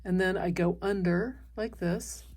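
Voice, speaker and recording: A woman teaching an embroidery stitch step by step, talking calmly as she works by hand. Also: on the low side, measured pace. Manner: calm, explains while stitching by hand. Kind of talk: step-by-step craft tutorial.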